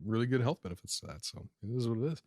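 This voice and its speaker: A man co-hosting a casual podcast chat about sales, telling lively stories and laughing often. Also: mid-range voice, racing, dry recording, clean studio sound. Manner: lively storyteller, laughs often, acts out customers. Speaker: sales coach, podcast co-host.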